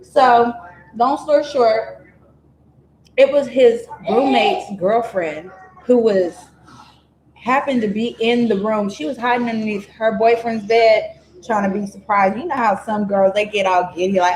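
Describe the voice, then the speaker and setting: A woman's voice: a little high, measured pace, a little hiss or hum. Chatty woman in an echoey room. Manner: chatty, digressive, animated asides. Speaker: vlogger. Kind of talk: casual true-crime storytelling.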